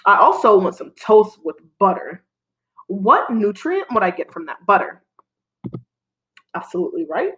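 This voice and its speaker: In this roughly recorded lesson, a woman speaks to young children with clear, encouraging call-and-response prompts and waits for their replies. Her voice sits mid-range for a woman, and its pitch moves up and down in a lively way.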